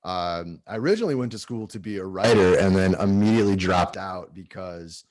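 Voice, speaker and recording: A man in his thirties, a podcast guest, telling profane, animated stories in casual comedy chat. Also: sits low, brisk.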